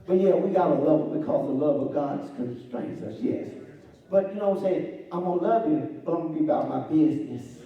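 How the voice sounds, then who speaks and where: A man's voice: on the high side, a little fast, muffled recording. A man preaching a sermon, drawing the congregation in with rhetorical questions. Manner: rhetorical, asks the congregation "huh?". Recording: echoey church from far off.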